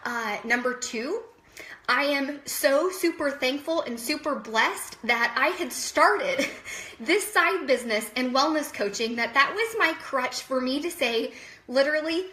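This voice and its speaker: A woman's voice: high voice, lively intonation, normal speed, bright, forceful tone, reverberant. A woman in her thirties crying as she tells viewers, apologizing often and speaking straight to them. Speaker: vlogger. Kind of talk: emotional personal vlog.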